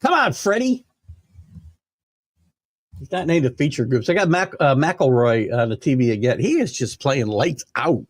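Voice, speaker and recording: An older man with hiccups hosts a live sports talk show, chatting casually and rambling with fillers as he reads viewer comments. His mid-range voice has lively intonation and a moderate pace, with no room sound.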